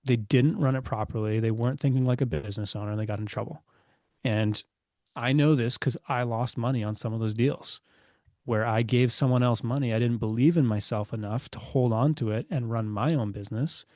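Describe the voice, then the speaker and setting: Man, 30s, podcast guest, casual storyteller, lots of fillers, middle pitch, dry close sound. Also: fairly quick, darkish tone, no room sound. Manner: chatty, many fillers, acts out quoted dialogue. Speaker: podcast guest, business owner.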